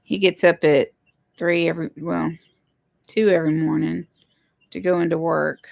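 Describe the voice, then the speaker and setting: A woman's voice: lowish voice, level tone, normal speed, vocal fry, a little mellow, no room sound. A woman, chatting casually with viewers while hosting a home livestream. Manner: chatty, greets viewers, apologizes for tech trouble. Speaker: livestream host, homesteader.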